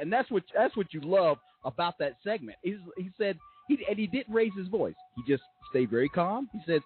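Lively high-voiced man, phone line. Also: a little fast, few pauses, faint music behind. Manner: lively, amused retelling. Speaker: radio co-host.

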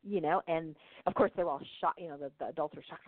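A woman's voice: fairly low pitch, quick pace, dry recording. Chatty woman host on a tinny line. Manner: chatty, laughs often, keeps asking "right?". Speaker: podcast host, intuition teacher. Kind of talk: casual storytelling talk. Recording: phone-like narrow band, dry.

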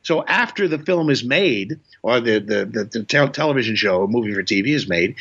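A man's voice: medium pitch, fairly bright tone. A man in his eighties, originally from Indiana, telling rambling show-business anecdotes as a guest, playful and jokey with many fillers and restarts. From Indiana, USA. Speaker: guest, comedian and voice actor. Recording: dull, lo-fi remote audio.

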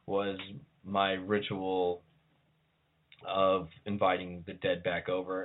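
A man's voice: low-pitched, monotone, slow. A man with a scratchy voice talking casually as a podcast guest, at times reading ritual verses solemnly. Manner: reads liturgy in a raised, solemn voice. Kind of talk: casual talk and liturgy reading. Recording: tinny phone-like line.

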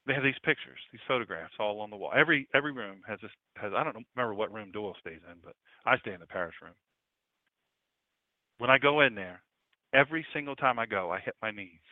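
A male pastor preaching a sermon in an impassioned style, his pitch swinging widely. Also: expressive, quick pace, dry recording. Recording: tinny phone-like dry sound.

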